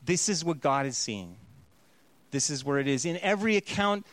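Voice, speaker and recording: A man with a high-pitched voice preaching a sermon in a playful, conversational way. He often acts out quoted voices. The sound is dry and close, with no room echo. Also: animated, normal speed, fairly bright tone. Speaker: pastor.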